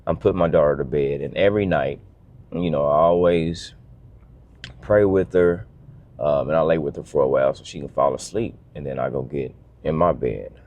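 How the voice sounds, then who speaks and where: A man's voice: very deep voice, moderate pace, lo-fi sound. A man telling a heartfelt family story as a father in a casual vlog, earnest and emotional, often restarting his sentences.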